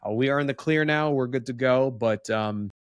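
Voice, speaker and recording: Rambling, laughing dad podcast co-host. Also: male voice, mid-range voice, moderate pace, clean tone, no room sound, studio quality. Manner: rambling, laughs often, many fillers. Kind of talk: casual chat. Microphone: remote call over home internet.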